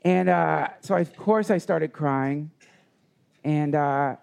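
A man telling a heartfelt personal story as a guest, rambling and halting, with frequent restarts. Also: a little high, gravelly, darkish tone, clear, resonant tone. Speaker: podcast guest. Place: live retreat session.

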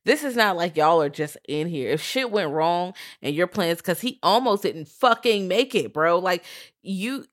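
A woman casually recapping a movie in a profane, animated way, acting out lines from the characters. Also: fairly low pitch, normal speed. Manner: profane, animated retelling with acted-out quotes.

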